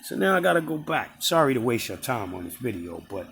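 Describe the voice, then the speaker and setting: A man's voice: medium pitch, big pitch swings, brisk, fairly bright tone, a little hiss or hum. A man telling a personal story in a casual, rambling way, often stopping to correct and repeat himself. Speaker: storyteller recounting a personal encounter.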